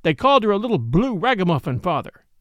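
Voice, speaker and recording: A man's voice: high voice, big pitch swings, fast, no echo, studio quality. A man voicing an angry boy who speaks indignantly about defending his sister. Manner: indignant, heated. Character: angry boy, protective older brother.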